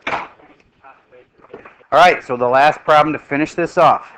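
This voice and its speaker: A middle-aged man teaching a math class, lively and joking as he quizzes his students. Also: a little high, measured pace, a little hiss or hum, poor audio.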